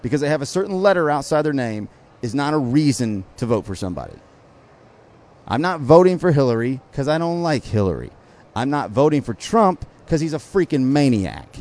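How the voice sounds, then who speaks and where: A man's voice: medium pitch, sing-song, moderate pace, a little mellow. Blunt ranting male podcast host. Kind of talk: opinionated political rant. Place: outdoor market.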